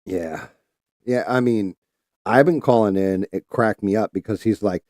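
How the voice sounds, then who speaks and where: Low-voiced man hosting a livestream, profane heated ranting, dry close sound. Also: unhurried, darkish tone, no room sound. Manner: profane, heated, mocking quoted callers. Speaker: livestream host. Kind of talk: casual ranting chat. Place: home streaming setup.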